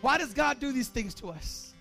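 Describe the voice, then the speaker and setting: A man with a very high, bright and forceful voice preaches a sermon. He is animated and emphatic and keeps firing rhetorical questions at the congregation. Faint guitar music plays behind him. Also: moderate pace, vocal fry.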